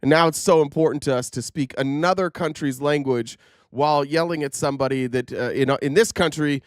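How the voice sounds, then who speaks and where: Male commentary host, mid pitch, sarcastic, loose delivery, dry close mic. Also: a little fast, no room sound. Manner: sarcastic, rambling, frequent fillers. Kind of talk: casual news commentary.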